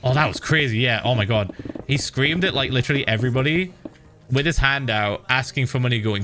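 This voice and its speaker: A man chatting casually on a game stream, an animated storyteller who laughs often. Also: medium pitch, a little fast, music in the background. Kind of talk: casual stream chat while gaming.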